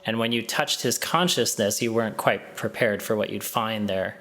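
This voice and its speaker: A man running a tabletop game as game master, narrating a scene slowly in the second person with frequent ums and restarts. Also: lowish voice, fairly bright tone.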